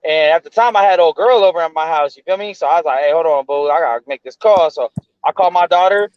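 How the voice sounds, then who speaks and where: Male co-host, 30s, quick high voice, animated slangy storyteller, dry lo-fi mic. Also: clean tone, dry recording. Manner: animated, slangy, swears freely. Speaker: podcast co-host. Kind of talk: casual storytelling chat.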